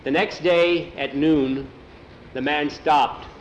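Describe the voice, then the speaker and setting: A man's voice: on the high side, fairly even intonation, takes it slowly, a little hiss or hum. A man telling an adventure story aloud, often repeating "he says" between lines. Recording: dull lo-fi recording.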